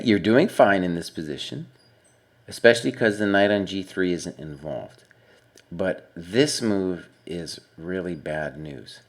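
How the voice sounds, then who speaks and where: Low-voiced man analyzing a chess game. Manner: conversational, thinks aloud with fillers and asides. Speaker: chess coach reviewing a member's game. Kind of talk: casual spoken game analysis.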